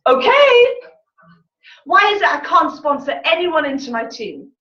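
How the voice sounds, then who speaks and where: A woman leading a sales team training session, lively and laughing, getting the room to chant together. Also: high-pitched, normal speed. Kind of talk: motivational talk to a room. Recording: distant echoey room mic, dull.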